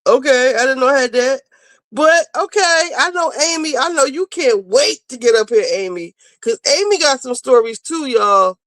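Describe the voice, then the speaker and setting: A woman hosting a casual livestream, chatting to viewers and getting loud and teary with excitement over new supporters. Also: high-pitched, normal speed, few pauses, dry recording. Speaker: livestream host.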